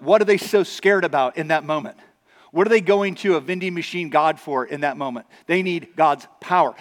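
A man's voice: a little high, fairly bright tone. A man preaching a sermon as pastor, conversational with acted asides. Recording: long reverb of a large hall.

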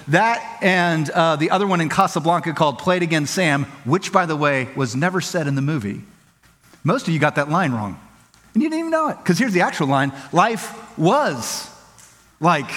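Pastor guy with a high voice, chatty joking sermon, big reverby church hall. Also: fairly bright tone. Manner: conversational, playful, acts out quick quoted voices. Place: church auditorium.

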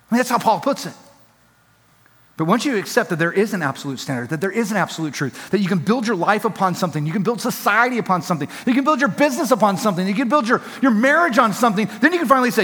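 A man preaches a sermon in a high, lifted voice, pressing his points with emphatic repetition. His voice rings with the long reverb of a big hall. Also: fairly bright tone. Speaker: pastor.

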